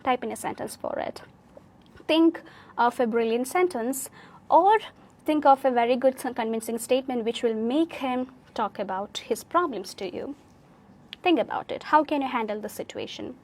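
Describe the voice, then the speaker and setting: A woman's voice: a little high, normal speed, darkish tone. A woman with an Indian English accent teaching a live online speaking class, encouraging and correcting students' sentences, often checking with "okay?".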